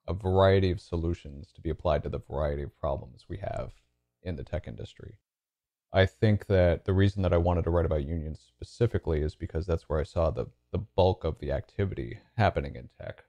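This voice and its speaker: Male podcast guest, deep gravelly voice, mellow, dry close recording, hesitant and thoughtful. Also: dry recording, lo-fi sound. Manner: thoughtful, hedging with fillers. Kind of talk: casual interview talk.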